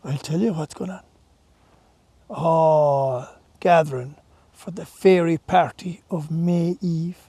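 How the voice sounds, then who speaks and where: An Irish man telling a folk tale with lilting, animated delivery and hushed asides. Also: a little high, slow, long pauses, no echo. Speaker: storyteller. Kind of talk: folk storytelling.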